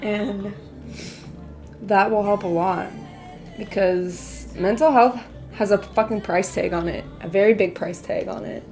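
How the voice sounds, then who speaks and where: A woman's voice: mid-range voice, steady tone, a little slow, darkish tone, faint music behind. A young woman streamer chatting candidly and emotionally with her viewers as she paints. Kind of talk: casual livestream chat.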